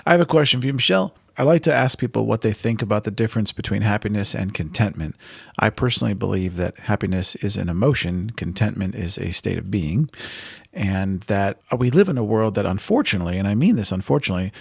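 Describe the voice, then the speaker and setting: Gravelly, dry-sounding male podcast host. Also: lowish voice, expressive, fast talker, no room sound. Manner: enthusiastic, reflective, fond of puns. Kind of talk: casual podcast interview.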